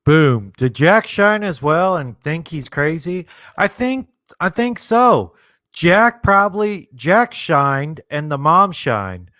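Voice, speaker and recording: A man's voice: a little high, big pitch swings, takes it slowly, pushed and bright, no echo, studio quality. A man casually commenting on a movie as a streamer, laid-back and rambling, thinking aloud with lots of fillers. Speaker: streamer hosting a movie watchalong.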